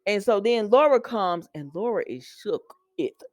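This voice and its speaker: A woman's voice: medium pitch, animated, a little slow, darkish tone, no room sound. A woman recapping a soap opera episode in a casual, chatty way, making asides to her viewers.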